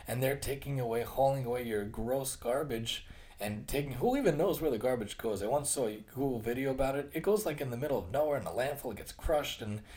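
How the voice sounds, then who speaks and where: A man's voice: mid-range voice, brisk, a little mellow. A man in his thirties giving a casual, earnest solo talk as a host and occupational therapist. He often repeats and rephrases his points. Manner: acts out quoted voices with shifts in tone.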